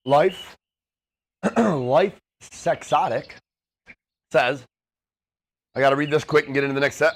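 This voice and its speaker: A young man livestreaming from a gym, delivering a profane, intense motivational rant and gym tips. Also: a little high. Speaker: fitness livestreamer.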